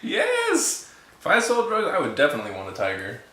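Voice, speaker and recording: Bright-voiced man telling a funny story. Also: fairly high pitch, brisk, reverberant. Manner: laughing, animated retelling, quoting his wife. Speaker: guest husband telling a story. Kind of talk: casual storytime chat.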